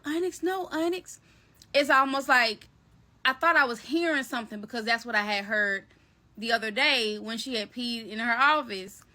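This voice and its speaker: Woman vlogger, storytime, animated, slangy, talks to viewers, crisp bright tone. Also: fairly high pitch. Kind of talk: casual storytime vlog.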